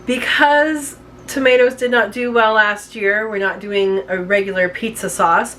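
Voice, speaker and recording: A woman's voice: medium pitch, steady tone, measured pace, a bit bright. A woman hosting a home cooking video, chatting casually as she works through a recipe, with hiccups that she keeps apologizing for. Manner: chatty, talks while working, apologizes for hiccups. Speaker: home cooking channel host.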